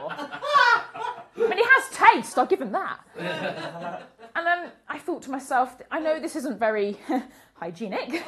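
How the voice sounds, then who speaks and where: A young woman from the UK spins comic anecdotes in a high, bouncing voice. She is animated and keeps breaking into laughter as she talks. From United Kingdom. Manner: animated, laughs often through her lines. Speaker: comedian guest. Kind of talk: comic storytelling and chat.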